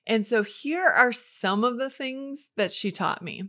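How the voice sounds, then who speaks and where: A woman's voice: a little high, lively intonation, unhurried, sharp tone. Chatty woman hosting a faith podcast. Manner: upbeat, chatty, storytelling. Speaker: host of a Christian devotional podcast. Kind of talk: conversational devotional talk.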